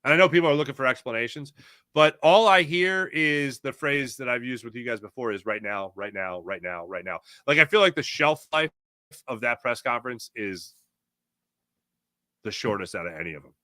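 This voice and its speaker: A man's voice: mid-range voice, fairly quick, no echo, studio quality. A man hosting a casual sports talk show, reading viewer chat and telling stories in a chatty way with frequent laughs. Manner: animated, chatty, laughs often, storytelling.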